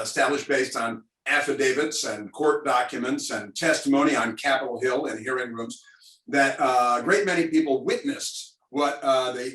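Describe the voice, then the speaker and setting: A man's voice: mid-range voice, a bit bright, reverberant, distant mic, poor audio. A man hosting a virtual call-in talk show, rambling and wry in his answers. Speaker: radio talk host.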